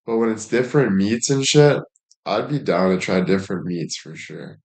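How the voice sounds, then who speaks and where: A man's voice: lowish voice, moderate pace, a little mellow. A man chatting casually as a streamer, rambling along with heavy swearing and plenty of filler words. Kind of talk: casual chat.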